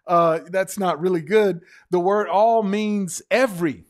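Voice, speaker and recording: Slow, emphatic preacher, man. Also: high voice. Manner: emphatic, drawn-out stresses on single words; spells out words letter by letter. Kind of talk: sermon.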